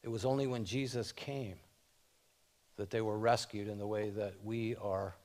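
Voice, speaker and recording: A man preaching a sermon as pastor, reading scripture aloud and speaking in short, measured phrases with rising emphasis. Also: lowish voice, fairly even intonation, a little mellow.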